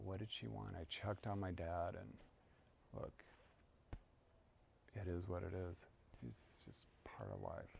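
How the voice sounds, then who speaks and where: Gravelly, mellow-voiced man, calm spiritual guide, reflective delivery, faint hiss behind. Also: fairly low pitch. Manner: calm, reflective, chants prayers. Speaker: spiritual practice teacher. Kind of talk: guided prayer and personal story.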